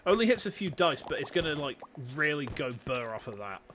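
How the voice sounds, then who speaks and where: A man with a Yorkshire accent, chatting casually and excitably while livestreaming a game, swearing freely and greeting his chat. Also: on the high side, fairly quick, a little hiss or hum. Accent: Yorkshire English. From Yorkshire, England. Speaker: streamer. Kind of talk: casual gaming livestream commentary. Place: warm room at home with fans running.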